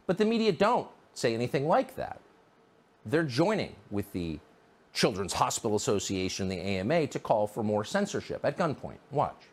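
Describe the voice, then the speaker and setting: A sarcastic male commentator who talks with heavy emphasis. His pitch swoops widely from low to high. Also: big pitch swings, brisk. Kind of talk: opinion commentary.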